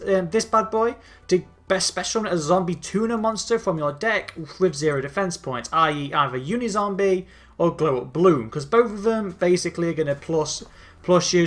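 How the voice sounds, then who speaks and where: A man with a fairly high voice talks casually through a card game deck. He is chatty and often stumbles over names and restarts his sentences. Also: fairly bright tone. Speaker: gaming channel host.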